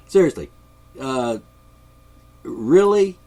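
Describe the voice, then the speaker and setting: Speaking in a mid-range voice with a dark tone, a congested-sounding podcast host rambles through a political monologue in his home studio. He's sarcastic and mocking throughout, chuckling often.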